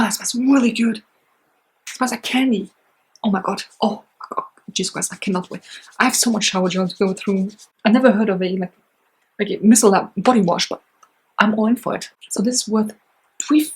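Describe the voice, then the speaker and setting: A woman talks through a beauty box in a loose, chatty vlog style, gushing and filling gaps with little asides. Her voice is very husky and breathy, sitting at an ordinary middle pitch. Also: poor audio. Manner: chatty, excitable, lots of fillers. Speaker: beauty vlogger. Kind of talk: casual unboxing chat.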